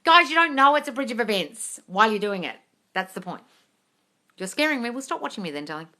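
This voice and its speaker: A woman hosts a live Q&A and answers her viewers' comments in a blunt, scolding, exasperated way, with a lot of swearing. Her voice is bright and sharp, and it swings widely in pitch, rising and falling as she pushes her point. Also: big pitch swings, quick pace. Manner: reads viewer comments aloud. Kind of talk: casual live-stream Q&A.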